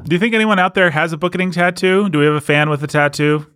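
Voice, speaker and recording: A man's voice: a little high, fairly even intonation, quick pace, a bit bright, clean tone, no echo, clean studio sound. A young man hosting a podcast in a playful, joking casual chat. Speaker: podcast host.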